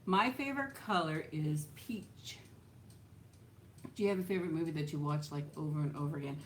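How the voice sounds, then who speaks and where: A woman's voice: low-pitched, a little fast, slight background noise. A woman hosting a casual livestream, chatting and answering viewer comments, laughing often and trailing off with "so". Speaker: livestream host. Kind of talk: casual live chat reading viewer comments.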